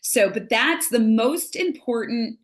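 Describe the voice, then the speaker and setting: A woman's voice: on the high side, animated, slow. A middle-aged woman from the United States, a grief recovery specialist talking through ideas in a casual podcast conversation, earnest and illustrating points with little examples. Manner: earnest, explains with acted-out examples.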